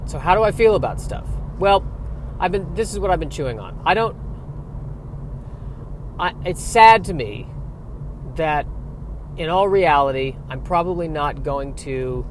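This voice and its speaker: Wry male comic monologuing outdoors, slightly high voice, faint traffic behind. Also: animated, measured pace, long pauses. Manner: wry, self-deprecating, rambling with restarts. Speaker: vlogger and stand-up comic. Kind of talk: casual musing monologue.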